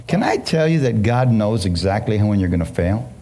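A middle-aged man preaching a testimony to a congregation, impassioned and halting, with many restarts and questions thrown to the listeners. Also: medium pitch, animated, mellow. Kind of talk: emotional sermon testimony.

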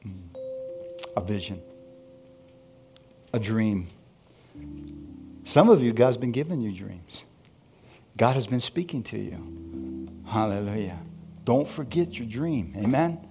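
A man preaching a sermon, telling his story with lively acted-out dialogue. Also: fairly low pitch, slow pace, pauses often, soft background music. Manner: animated storytelling, acting out dialogue. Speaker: pastor.

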